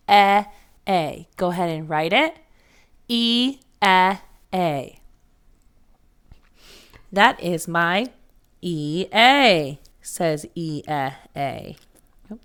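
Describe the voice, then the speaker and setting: Slow, bright-voiced phonics teacher woman. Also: lowish voice. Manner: slow, patient, clearly sounded-out letters. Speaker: first grade teacher. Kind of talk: phonics lesson for children.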